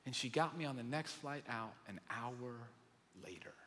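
A man preaching a sermon, telling a lively story and then praying earnestly over a congregation. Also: mid-range voice, moderate pace, slight background noise. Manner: animated storyteller, earnest in prayer. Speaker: pastor. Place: large room with congregation. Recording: long hall reverb.

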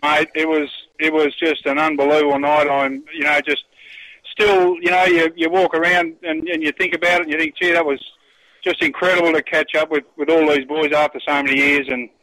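An Australian man, a guest on a radio chat show, talking in a halting way with repeated words and frequent chuckles. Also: a little high, little pitch movement, sharp tone, dry recording, low-quality recording. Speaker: phone-in guest, former footballer.

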